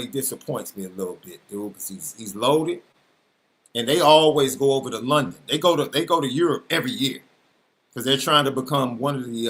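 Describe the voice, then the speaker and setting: A man's voice: mid-range voice, pushed and bright. A man co-hosting a sports podcast, teasing his partner in casual banter, repeating himself and laughing often. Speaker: podcast co-host.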